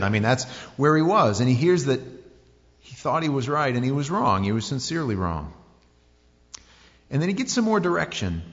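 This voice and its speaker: Guy preaching in a big echoey hall, laid-back jokey storytelling, muffled lo-fi sound. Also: mid-range voice. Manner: casual, jokey storytelling with slang. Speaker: pastor. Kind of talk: sermon. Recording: dull sound in a reverberant hall.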